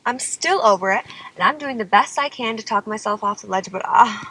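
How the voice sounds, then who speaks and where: A woman's voice: medium pitch, a little fast, pushed and bright, breathy edge, rough recording. A young woman singer telling a personal story in a dramatic, exasperated way, often saying "like" and "okay?". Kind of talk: confessional storytelling vlog.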